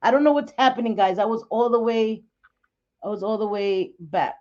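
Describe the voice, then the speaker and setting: A woman hosting a casual livestream chat, talking bluntly and excitably, cursing and laughing often. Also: fairly high pitch, moderate pace, dull audio. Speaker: livestream host.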